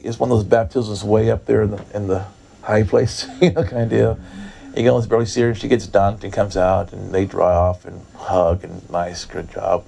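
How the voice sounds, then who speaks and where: A man preaching through a personal story, acting out both sides of the dialogue and filling gaps with "da, da, da". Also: vocal fry. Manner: animated storyteller, acts out dialogue with big pitch jumps, fills with "da, da, da". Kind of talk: storytelling sermon.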